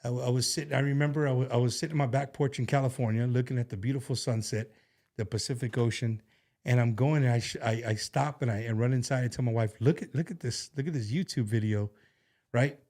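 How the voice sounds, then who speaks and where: A man hosts a casual show from a studio, with a voice sitting in an ordinary middle register. He rambles warmly and sincerely, circling back with fillers and false starts. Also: mid-range voice, steady tone, quick pace. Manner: rambling, heartfelt, with many restarts and fillers. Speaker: show host. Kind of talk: casual talk-show chat.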